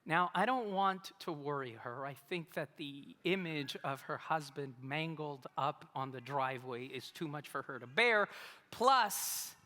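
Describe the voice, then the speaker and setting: Animated, bright-voiced pastor in a reverberant hall. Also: male voice, on the high side, a little slow. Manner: humorous, self-mocking storytelling. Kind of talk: storytelling sermon. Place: church sanctuary.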